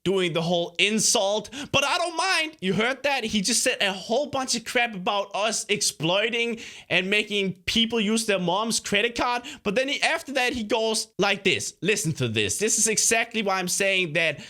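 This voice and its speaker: A man's voice: high voice, moderate pace, few pauses, sharp tone. A young man hosting a reaction video, talking back at a clip in an indignant, sarcastic way. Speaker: YouTuber host. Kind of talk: reaction commentary.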